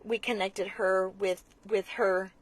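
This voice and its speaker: Interviewed conversationally, a woman who works as a blood center marketing manager speaks in an earnest, explanatory way, frequently restarting and hesitating briefly. Her middle-pitched voice has a flat delivery.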